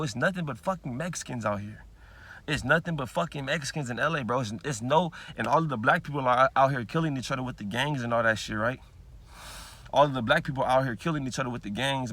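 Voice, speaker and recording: A man's voice: medium pitch, sharp tone. A man, ranting heatedly in a vlog, repeating himself and swearing constantly. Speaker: vlogger. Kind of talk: profane ranting monologue.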